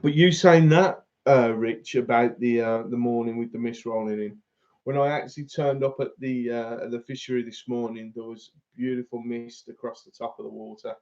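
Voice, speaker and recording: Male host, casual and chatty, average pitch, lo-fi recording. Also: fairly even intonation, moderate pace, a little mellow. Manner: chatty, laughs often, reads out viewer comments. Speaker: fishing channel host. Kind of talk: casual live-stream chat.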